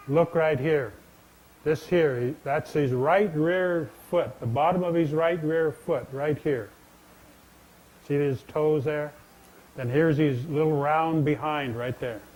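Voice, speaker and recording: A man tells old legends to an audience from a stage in a large indoor venue. His talk is folksy and chatty, with questions thrown to the crowd. The voice sits a touch high but sounds dark and mellow. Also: poor audio. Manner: folksy, conversational, addresses listeners directly. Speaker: storyteller and speaker. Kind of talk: telling traditional legends to an audience.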